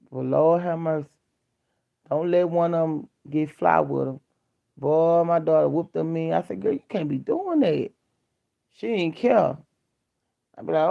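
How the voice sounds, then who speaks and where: Gravelly middle-aged woman, blunt storyteller. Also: deep voice, measured pace, pauses often. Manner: candid, blunt storytelling in colloquial speech. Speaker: vlogger. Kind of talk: casual chat. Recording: dull lo-fi sound.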